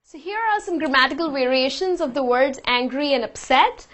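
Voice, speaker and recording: A woman's voice: high-pitched, lively intonation, normal speed, fairly bright tone. A woman teaching a vocabulary lesson, patiently explaining word meanings with example sentences. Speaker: English teacher.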